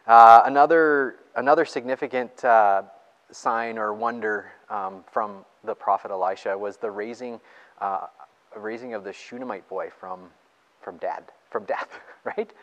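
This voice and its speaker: A man preaching a sermon in a church and reading scripture aloud. He talks in an excited, chatty way and laughs between his points. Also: lowish voice, a little slow, in a large hall, muffled recording. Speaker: pastor.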